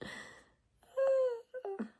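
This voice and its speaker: A woman's voice: very high-pitched, very slow, mellow. A young woman chatting casually on a livestream, swearing a lot and answering chat in a bemused, exasperated way. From United States. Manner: profane, exasperated, bemused, talking back to chat. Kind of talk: casual live-stream chat.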